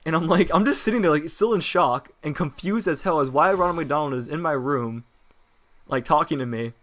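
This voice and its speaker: A man's voice: fairly high pitch, brisk, fairly bright tone. A teenage boy casually telling a personal story in a rambling way, with many fillers and restarts. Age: teens. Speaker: vlogger telling personal stories.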